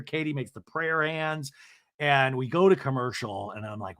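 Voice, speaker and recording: A male podcast host giving a comedic TV recap, telling it in an animated, gossipy way. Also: mid-range voice, normal speed, dry recording, studio quality.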